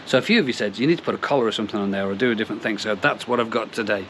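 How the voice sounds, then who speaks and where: A man's voice: fairly low pitch, rapid-fire, fairly bright tone, a little hiss or hum. Rambling man vlogging by his pond. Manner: rambling, digressing, self-deprecating humour. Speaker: koi pond channel host. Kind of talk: casual vlog chat. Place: outdoors in a garden by a pond.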